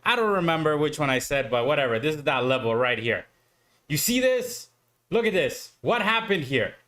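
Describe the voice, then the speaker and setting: A man's voice: fairly high pitch, very animated, normal speed, a bit bright. A man streaming live futures trading who talks to himself, swears and pleads with the market, exasperated at his own mistakes. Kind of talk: live trading commentary to viewers.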